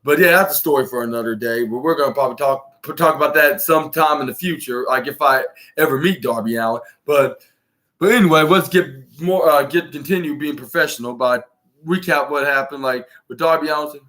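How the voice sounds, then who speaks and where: A man's voice: fairly high pitch, fairly quick, bright, forceful tone. A man hosting a podcast, recapping a show in a casual, rambling way with lots of fillers and restarts. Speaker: podcast host.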